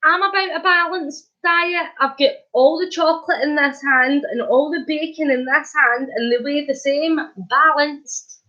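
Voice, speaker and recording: A chatty woman with a high voice talks slowly and giggles often as she answers comments on her live stream from home. She sounds hyper and wide awake. The stream audio is slightly muffled and lo-fi. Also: pushed and bright.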